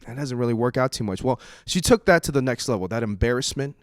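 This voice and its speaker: Animated young male stand-up comic. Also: medium pitch, fast, no echo, studio quality. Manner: animated, swings into loud exasperated bursts; profane, conversational. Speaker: stand-up comedian. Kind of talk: stand-up comedy set.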